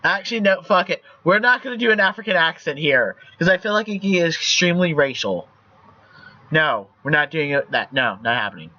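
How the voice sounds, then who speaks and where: Brief: young male streamer, slightly higher voice, casual and profane, dull lo-fi mic. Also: lively intonation, brisk, bright, forceful tone. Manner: loose and profane, reads story text aloud. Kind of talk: casual let's-play reading of a text game.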